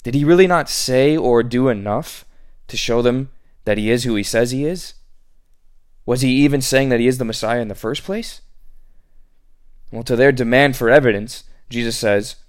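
A man hosting a scripted podcast Bible teaching, reflective and asking many rhetorical questions. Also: mid-range voice.

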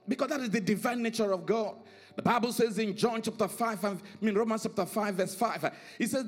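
A male pastor preaching a sermon, his delivery swinging from soaring, sing-song emphasis to low, hushed lines. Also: slightly rough.

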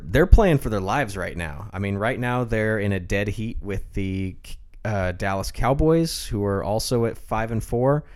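Teasing man co-hosting a sports podcast. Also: on the low side. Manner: teasing, chatty, laughs often. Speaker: podcast co-host. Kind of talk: casual sports chat.

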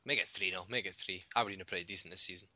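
Jokey Scottish man with a sharp voice. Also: sits low, fairly even intonation, very fast, dry recording. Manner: jokey and teasing, laughs often. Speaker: podcast co-host. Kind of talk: casual chat. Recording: dry, dull lo-fi podcast audio.

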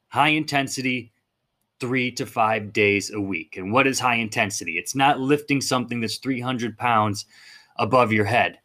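A man's voice: mid-range voice, a bit bright. A man hosting a fitness podcast in a blunt, fired-up monologue, swearing casually as he talks.

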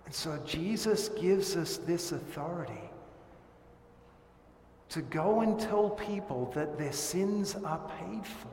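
A man preaching a sermon as pastor, slow and emotional, his voice sometimes dropping to a hush. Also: fairly high pitch, lively intonation, a little hiss or hum. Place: church hall. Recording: echoey hall with faint ambience.

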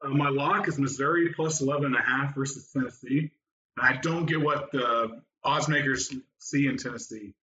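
A man's voice: medium pitch, moderate pace, bright, forceful tone. Man co-hosting in an echoey room. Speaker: podcast co-host. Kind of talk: casual podcast chat. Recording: echoey, slightly dull with faint noise.

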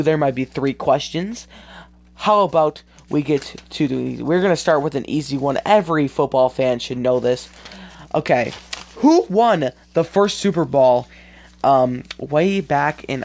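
Gravelly-voiced man chatting loosely. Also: medium pitch. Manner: rambling, loose and chatty, frequent ums. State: tired, yawning. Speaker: podcast host. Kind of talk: casual solo sports podcast.

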